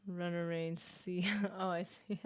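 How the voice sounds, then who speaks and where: A young adult woman hosting a casual gaming livestream, chatty and excitable, reading chat aloud and reacting. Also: lowish voice, takes it slowly, clear, resonant tone. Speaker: livestream host.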